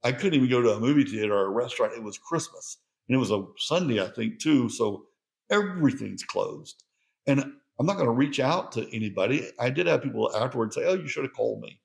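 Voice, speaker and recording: Gravelly, earnest male podcast host. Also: mid-range voice, animated, a little fast. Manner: earnest, heartfelt. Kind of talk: podcast monologue.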